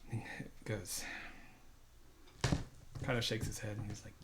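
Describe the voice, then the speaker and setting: A man's voice: on the low side, level tone, unhurried, background noise. A man narrating a tabletop game as dungeon master, rambling with fillers and restarts.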